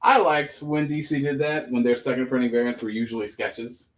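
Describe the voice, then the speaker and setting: A man hosting a live comic book sale, pitching each issue in a joking, profane, auctioneer-style way. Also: fairly quick, a little hiss or hum. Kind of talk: casual live-stream sales patter.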